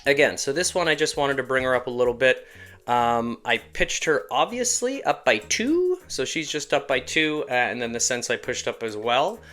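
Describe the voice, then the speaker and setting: A man's voice: mid-range voice, sing-song, moderate pace, fairly bright tone. A man, an animator and show creator, explaining his voice work in a casual, rambling tutorial. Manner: casual, rambling, self-deprecating. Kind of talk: tutorial walkthrough.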